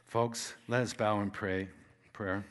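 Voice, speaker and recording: A man preaching as a guest speaker at church, emphatic, swinging between loud exhortation and quiet asides. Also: on the low side, little pitch movement, slow pace, clear, resonant tone, long reverb tail. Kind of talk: sermon.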